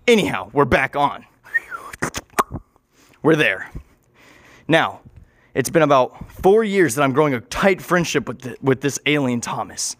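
Give me an excitable man spinning a rambling, profane story, with a dry, close sound. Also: mid-range voice, measured pace, long pauses, no echo. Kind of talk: improvised absurd storytelling.

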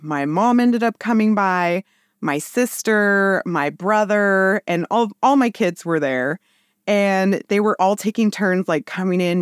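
A woman in her thirties telling a personal story in casual chat, with lively, animated quoted voices. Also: lowish voice, clean tone, no room sound, studio quality. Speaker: podcast guest.

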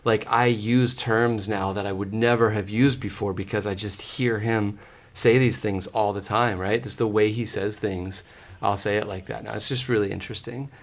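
An American man and musician, a guest on a casual podcast, telling stories in a loose, animated way. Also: lowish voice, moderate pace. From United States. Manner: animated storyteller, loose and laughing.

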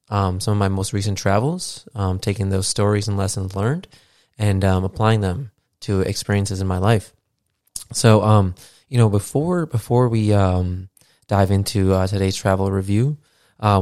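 Hosting a laid-back solo podcast, a deep-voiced man with a darkish tone rambles on, full of filler words and casual cursing. He's speaking into a studio mic on a podcast mixer, and there's no room sound.

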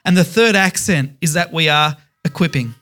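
A man's voice: fairly high pitch, normal speed, pushed and bright. A man preaching a sermon as pastor, emphatic, stressing words in repeated lists.

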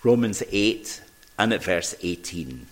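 A man preaching a sermon in a church, measured and earnest. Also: deep voice, big pitch swings.

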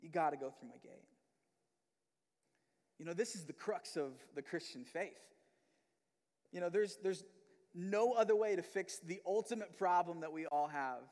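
High-voiced man preaching in a reverberant church. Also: normal speed, pauses often. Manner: conversational, animated, acts out quoted prayers and voices. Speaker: pastor. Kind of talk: sermon. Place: church sanctuary.

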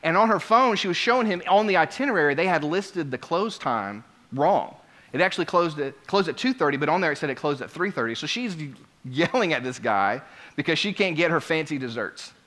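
A man preaching a sermon, telling a story with lively swings between quiet asides and loud exclamations. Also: on the high side, fairly quick. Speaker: pastor.

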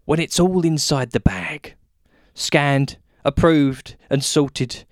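A man's voice: fairly high pitch, takes it slowly, no room sound, studio quality. A British man hosting a podcast and reading his own comic rhyming poem in a wry, self-mocking way. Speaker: podcast host.

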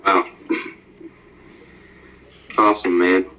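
A man hosting a podcast, working his way into a question with a string of fillers. His voice sits low, with a bright and forceful edge. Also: little pitch movement, slow pace, low-quality recording. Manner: hesitant, with many fillers. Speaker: podcast host. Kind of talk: conversational podcast interview.

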